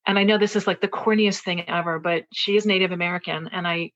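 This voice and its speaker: A woman's voice: fairly low pitch, steady tone, fast, fairly bright tone. A woman author talking as an interview guest, telling a personal story in an earnest, searching way, with many fillers and restarts. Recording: dull, lo-fi interview audio.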